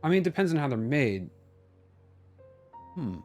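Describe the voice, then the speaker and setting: Brief: male game streamer, mid-pitched, goofy and rambling, faint music behind. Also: big pitch swings, moderate pace, darkish tone. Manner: playful, rambling, jokey. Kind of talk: casual gameplay commentary.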